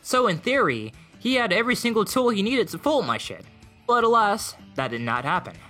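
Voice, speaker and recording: A young man giving deadpan, mocking commentary over gameplay clips. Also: high-pitched, fairly quick. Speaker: gaming video creator. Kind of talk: sarcastic gaming commentary. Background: faint music.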